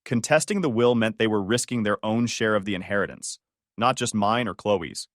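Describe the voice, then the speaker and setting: A man narrating a first-person family drama story in an expressive, storytelling manner. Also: fairly low pitch, normal speed, dry recording, clean studio sound.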